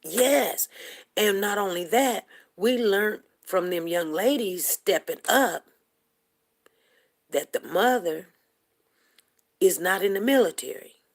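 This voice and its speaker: A woman's voice: mid-range voice, lively intonation, slow pace, long pauses. Woman venting on her live show, fired up, keeps repeating herself for emphasis. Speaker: host of a livestream show. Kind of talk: impassioned livestream commentary.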